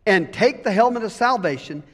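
A male pastor preaches an emphatic sermon and rouses his congregation with call-and-response. His voice sits unusually high for a man. Long reverb from the church hall trails behind him. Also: animated, a little fast. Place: church sanctuary.

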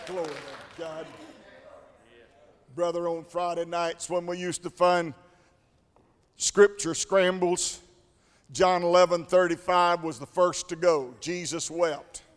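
A male preacher delivering a rhythmic call-and-response sermon that builds into shouts. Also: on the high side, fairly even intonation, takes it slowly, long pauses. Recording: long church hall reverb with faint congregation.

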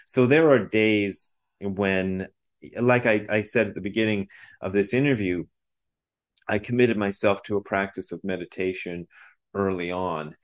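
Deep-voiced man musing with many restarts. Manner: halting, repeats words, laughs often. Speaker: guest, Zen priest and author. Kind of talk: casual interview talk.

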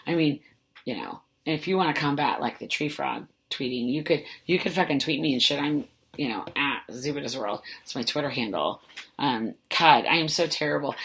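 A woman's voice: low-pitched, moderate pace, a bit bright. A woman hosting a podcast, telling a story in a rambling, self-mocking way, full of "like" and casual swearing. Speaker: podcast host. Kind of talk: casual solo storytelling monologue.

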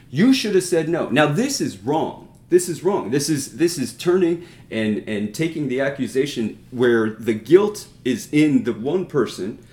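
A man's voice: mid-range voice, a little mellow. A man giving a conversational Bible teaching in an earnest, explanatory way, often circling back and asking his listeners to notice a point. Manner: earnest, explanatory, with frequent restarts and rhetorical asides. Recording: roomy echo.

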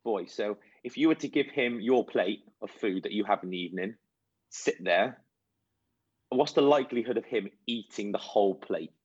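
A man's voice: on the low side, moderate pace, slightly rough, no room sound. A man who works as a children's nutrition coach, answering interview questions in a chatty, anecdotal way. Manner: chatty, anecdotal, animated storytelling. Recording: dull, lo-fi sound.

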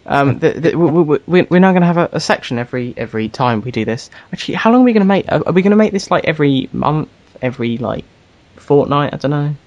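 A man co-hosting a casual podcast chat, teasing his partner with quick interjections. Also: a little high, lively intonation, a little mellow, dry recording, dull audio. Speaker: podcast co-host.

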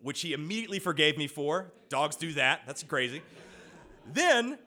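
A man's voice: fairly high pitch, moderate pace. A man telling a personal anecdote to an audience, acting out the voices of the people in his story. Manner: animated storytelling, acts out quoted voices.

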